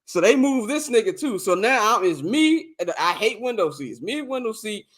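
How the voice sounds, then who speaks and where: On a casual podcast, a young co-host tells a rowdy, profane story in a high, bright, forceful voice. He's animated, speaks at a moderate pace, and keeps laughing between lines.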